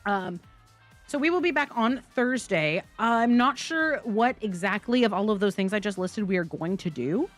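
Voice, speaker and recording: A woman's voice: mid-range voice, normal speed, faint music behind. A young woman streamer giving chatty, giggly live commentary while playing a game. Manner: chatty, giggly, thanks chat excitedly.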